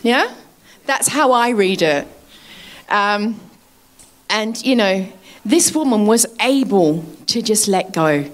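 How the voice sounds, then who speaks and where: A woman's voice: medium pitch, lively intonation, slow pace, pauses often. A woman preaching a sermon in a chatty way, laughing often and asking her listeners to agree.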